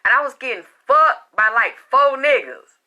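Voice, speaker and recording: Vlogger woman, fiercely bright and cutting tone, slightly high voice, hot-tempered and swearing. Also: expressive, moderate pace, dull audio. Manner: heated, profane and confrontational; loud and exasperated. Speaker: spiritual reader and vlogger. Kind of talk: unscripted personal rant to camera.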